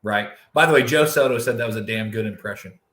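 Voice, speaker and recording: A man's voice: on the low side, fast, fairly bright tone. Male podcast co-host from the United States, casual and conversational, echoey room sound. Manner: casual, with frequent restarts.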